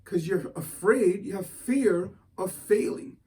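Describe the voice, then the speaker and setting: Man, high voice, motivational speaker, excitable storyteller, a bit distant from the mic. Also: slow pace. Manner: animated, excitable storytelling with restarts.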